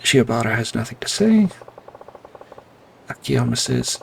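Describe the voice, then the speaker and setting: A man's voice: mid-range voice, steady tone, a little slow, vocal fry, a little hiss or hum, rough recording. A man reading game dialogue aloud with wry, rambling asides. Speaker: let's play narrator.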